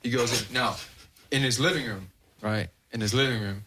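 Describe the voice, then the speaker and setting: In a podcast studio, a male host with a medium-pitched voice tells a long prank story at a normal pace over a noisy background. He talks casually, swears constantly, and often laughs as he goes.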